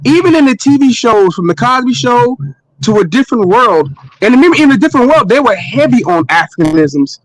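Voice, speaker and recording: Quick, high-voiced male host, agreeable chatter, dry close mic. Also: big pitch swings, no echo, poor audio. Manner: quick, agreeable, fills with "you know what I'm saying". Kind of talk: casual discussion.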